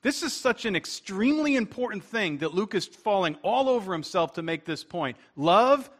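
Male pastor, slightly high voice; earnest sermon delivery that slows and builds on key points. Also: animated.

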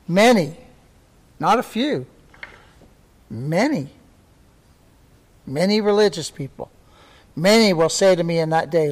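A man's voice: a little high, big pitch swings, a little slow, pauses often. A male pastor preaching a sermon, emphatic and often repeating words for stress.

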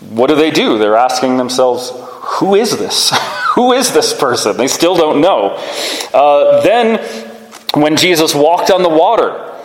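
A man preaching a sermon, teaching earnestly and often restarting his sentences. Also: fairly high pitch. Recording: echoey hall with long reverb.

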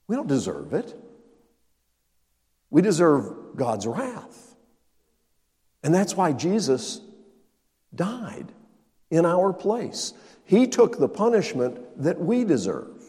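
A man's voice: a little high, wildly swooping pitch, slow, pauses often, dark tone, big-room sound. An older man preaching a sermon as pastor, telling a story and acting out the dialogue with emphatic rises.

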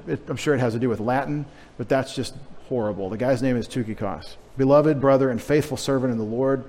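A man's voice: mid-range voice, a little mellow. A male pastor preaching a sermon in a conversational, emphatic way with wry humorous asides. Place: church sanctuary. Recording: long hall reverb.

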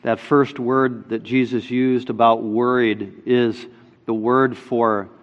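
A man's voice: medium pitch, flat delivery, slow, lo-fi sound. A man preaching a sermon as pastor, emphatic, repeating his key lines for emphasis. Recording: long reverb of a large hall.

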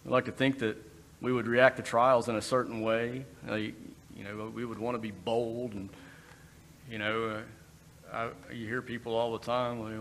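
A man's voice: mid-range voice, fairly bright tone. A man giving a conversational sermon, breaking into brief acted quotes. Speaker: preacher. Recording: long reverb in a hall, faint background noise.

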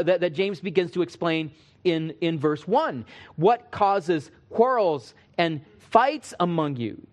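A man preaching an expository sermon, his voice sitting a little on the high side. He reads scripture aloud and breaks it down verse by verse, leaning on emphatic pauses. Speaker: pastor.

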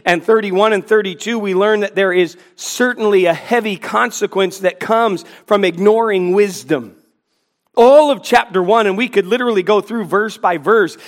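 A man preaching a sermon to a congregation, earnest and pleading, with quick asides to the listeners. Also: sits high. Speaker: pastor. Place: church in front of a congregation.

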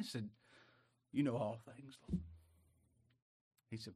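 A man's voice: mid-range voice, steady tone, normal speed, dark tone, slightly rough. Man, preacher, folksy sermon, emotional swings.

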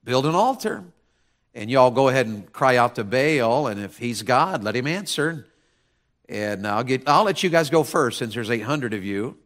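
A man's voice: medium pitch, animated, normal speed, a bit bright, natural voice. A man voicing a blunt, bold male prophet who talks in a folksy, teasing way. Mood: challenging.

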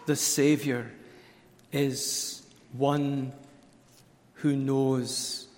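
Male preacher, mid-pitched, deliberate and hushed on key words, heard in a reverberant hall. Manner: slow, emphatic, dropping to hushed tones on key words. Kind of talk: sermon at a conference.

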